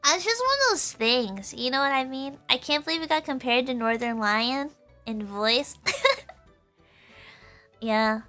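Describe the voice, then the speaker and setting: A woman streamer chatting casually with her viewers in a high, girlish voice, giggling often and filling her talk with "like". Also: lively intonation, a little slow, pauses often, pushed and bright, faint music behind. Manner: giggly, laughs often, full of "like" fillers.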